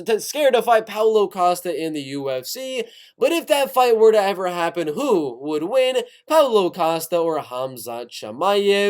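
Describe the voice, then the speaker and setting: A man with a high-pitched voice runs through fight news in a casual, excitable way. He keeps turning to his audience with direct questions. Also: smooth. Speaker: MMA news YouTuber. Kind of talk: casual sports news commentary.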